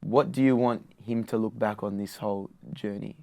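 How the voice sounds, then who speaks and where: Man hosting a relaxed interview. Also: on the low side, normal speed, creaky. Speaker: interview host. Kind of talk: casual interview questions.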